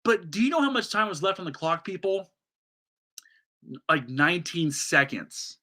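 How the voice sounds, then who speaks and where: A man's voice: high-pitched, big pitch swings, normal speed, pushed and bright. A man hosting a solo sports podcast, ranting animatedly with many restarts and asides.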